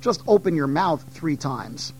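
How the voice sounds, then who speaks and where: A man's voice: a little high, expressive, unhurried, faint music behind, rough recording. A man voicing a boastful, cheeky male monkey trickster who teases and gloats. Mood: teasing. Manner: teasing, smug and playful.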